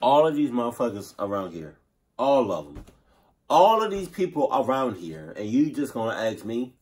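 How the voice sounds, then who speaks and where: A man hosting a reaction video, talking in animated, profane, slangy banter. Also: medium pitch, moderate pace, husky. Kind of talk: casual reaction commentary.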